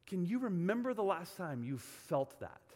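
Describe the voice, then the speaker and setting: A man's voice: high-pitched, big pitch swings, normal speed, a little mellow, in a large hall. A male pastor preaching a sermon in a church, telling stories and repeating phrases for emphasis.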